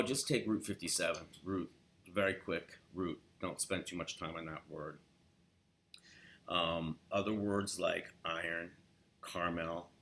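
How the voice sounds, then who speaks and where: Deep gravelly guy w a socal accent, laid back, explaining how LA folks say stuff. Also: slight background noise. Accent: Southern California. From Los Angeles. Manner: relaxed, demonstrates words in quoted example sentences. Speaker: accent tutor. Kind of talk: casual spoken accent lesson.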